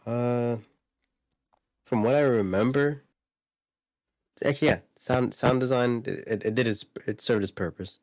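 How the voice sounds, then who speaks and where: A man's voice: mid-range voice, measured pace, long pauses, a little mellow, dry recording. A man co-hosting a casual podcast chat about video games, rambling with lots of fillers and restarts. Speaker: podcast co-host.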